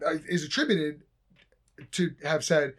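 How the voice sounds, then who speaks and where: A man's voice: fairly high pitch, animated, a little slow, slightly rough. A man co-hosting a casual Christian podcast, arguing one point firmly. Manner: pushes hard on one point. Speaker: podcast co-host. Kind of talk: casual chat.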